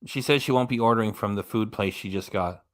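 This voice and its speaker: A man's voice: lowish voice, a little fast. A man hosting a live reaction stream, giving casual running commentary with dry asides and reading out quotes. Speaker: reaction channel host.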